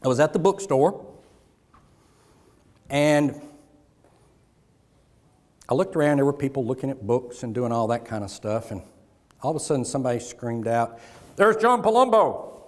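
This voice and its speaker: A man's voice: medium pitch, moderate pace, pauses often. A middle-aged man giving a motivational keynote, telling stories and acting out dialogue with the audience on stage. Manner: animated, acts out dialogue with audience. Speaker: keynote speaker. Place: large conference hall on stage. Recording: live hall with long reverb.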